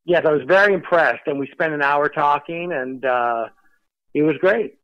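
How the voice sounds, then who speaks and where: A man guesting on a podcast over speakerphone, chatty and rambling, talking a bit fast and with a slight lisp from dental work. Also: fairly high pitch, dry recording. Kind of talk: casual chat over speakerphone. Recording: dull speakerphone line.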